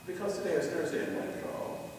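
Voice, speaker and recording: A man's voice: sits high, a little fast. Man lecturing, singing lines in an echoey hall. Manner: animated, sings phrases aloud to demonstrate. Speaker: choral conductor giving a workshop. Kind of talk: conference lecture on score study. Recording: echoey hall recorded from far off with faint hiss.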